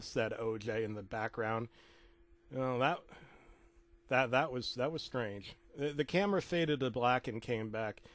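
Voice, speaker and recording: A man narrates a comic horror story in a mid-range voice, dropping rambling deadpan asides and tripping into restarts. His sound is close and dry, with no room echo. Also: medium pitch, measured pace. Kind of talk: comedic creepypasta narration.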